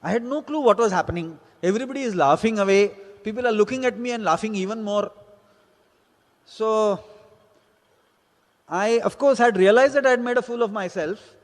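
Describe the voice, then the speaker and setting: Speaking at normal speed with long pauses, a high-voiced male teacher shares an anecdote from when he was a student and performs the quoted conversations. Hall reverb colors the recording.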